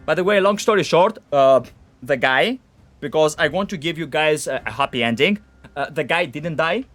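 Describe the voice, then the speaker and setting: A man streaming a game, telling a story in animated, profane casual chat. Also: on the high side, fairly quick, soft background music.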